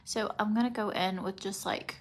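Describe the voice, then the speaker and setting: A woman around forty, teary and emotional, rambling casually while doing her makeup at home and sometimes dropping to soft near-whispers. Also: mid-range voice, steady tone, normal speed. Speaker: makeup vlogger.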